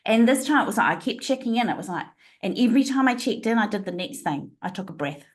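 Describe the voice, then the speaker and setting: A woman's voice: on the high side, lively intonation, quick pace. A woman guest on a podcast interview, telling stories expressively with frequent laughter, speaking over a remote call. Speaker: guest, leadership trainer.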